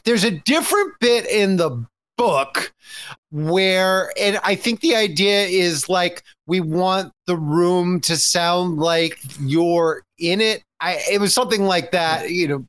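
A man with a notably high voice talks casually on a film podcast. He recaps scenes with a joking tone and slips into quick put-on character lines along the way. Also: fairly bright tone. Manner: jokey, acts out characters' lines while recapping. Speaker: podcast co-host.

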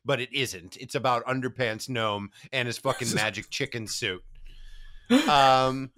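A man co-hosting a podcast, recapping a TV episode in an animated, jokey way and swearing freely. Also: mid-range voice, moderate pace. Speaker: podcast co-host. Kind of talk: casual episode recap chat.

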